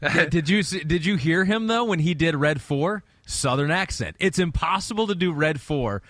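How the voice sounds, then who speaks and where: A man's voice: on the high side, lively intonation, normal speed, fairly bright tone, dry recording, clean studio sound. A man co-hosting a sports podcast in casual, laid-back, teasing chat. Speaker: podcast co-host.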